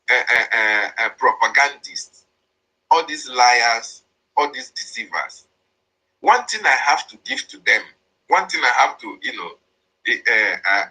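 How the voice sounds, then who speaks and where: A man's voice: medium pitch, sharp tone, slightly rough, low-quality recording. A man with a Nigerian accent giving an impassioned political monologue, repeating and stressing his points as he denounces opponents. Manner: repetitive, emphatic, denouncing opponents. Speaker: speaker on a political online broadcast.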